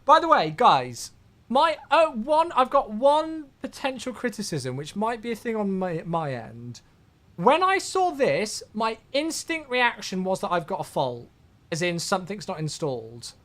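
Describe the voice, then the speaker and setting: A man's voice: high-pitched, wildly swooping pitch, measured pace, a bit bright. A man chatting casually on a flight sim live stream, rambling as he answers viewer questions.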